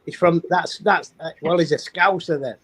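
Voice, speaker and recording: A man's voice: a little high, moderate pace, noisy background. A man with an English accent chatting casually on a video call live stream, often restarting his sentences. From England. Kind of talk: casual chat.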